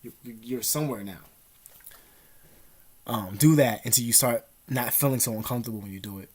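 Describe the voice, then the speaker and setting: A man talks straight to his audience, handing out advice in a loose, rambling way. His speech is full of swearing, street slang and fillers, and his voice sits at an ordinary pitch. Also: brisk, darkish tone, husky. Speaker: vlogger. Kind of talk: casual advice monologue.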